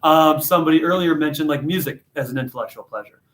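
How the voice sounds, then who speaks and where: A man teaching a literature class, leading discussion and telling stories in a jokey, animated, self-deprecating way. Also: on the high side, fast, roomy sound. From United States. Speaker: high school literature teacher.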